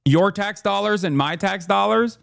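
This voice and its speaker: A man's voice: high voice, normal speed, gravelly, fairly bright tone. Heated, blunt male streamer. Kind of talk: live-stream political commentary.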